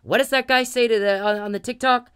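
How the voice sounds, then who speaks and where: A woman's voice: on the high side, steady tone, brisk, fairly bright tone, clear, resonant tone. A woman ranting straight to her audience, confrontational and profane, scolding someone she addresses directly. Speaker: vlogger. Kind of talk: angry direct-to-camera rant.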